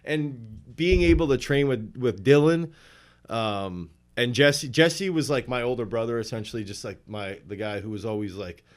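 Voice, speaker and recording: A man who coaches throwing tells animated stories in a casual interview, often chuckling and restarting his sentences. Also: mid-range voice, moderate pace.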